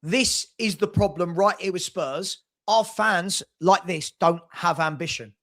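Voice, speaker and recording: A man's voice: sits high, unhurried, a bit bright. A man hosting a casual football chat stream, arguing his points emphatically with rhetorical questions. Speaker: podcast host.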